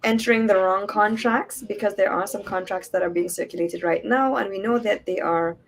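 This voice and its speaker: A woman guest in a casual chat, giving calm, earnest words of caution. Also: medium pitch, moderate pace, poor audio.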